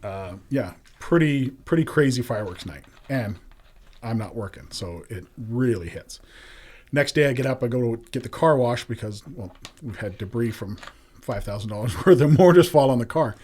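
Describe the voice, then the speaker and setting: A man's voice: mid-range voice, lively intonation, moderate pace, darkish tone, husky. A middle-aged man telling a personal story as a podcast guest, candid and earthy, growing emotional as he speaks.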